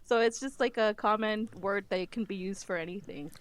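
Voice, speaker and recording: A woman's voice: medium pitch, moderate pace. Woman chatting with a laugh. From lives in Minnesota. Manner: laughs often, many "like" fillers. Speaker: podcast co-host. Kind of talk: casual chat.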